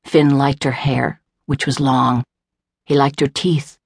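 Woman, audiobook narrator, very deep, unhurried, husky, dry close mic. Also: flat delivery, dry recording. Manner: measured, unhurried literary reading with small voiced character turns. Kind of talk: scripted narration. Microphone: close studio mic, dry.

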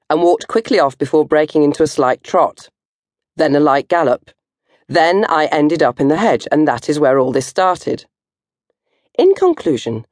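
An older woman reading her own comic novel in first person, animated and jumping to high squeals for effect. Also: no echo, clean studio sound.

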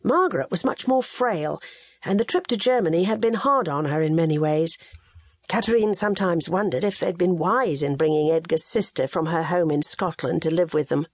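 A woman reading an audiobook in measured scripted narration. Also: lowish voice, slightly rough, no room sound.

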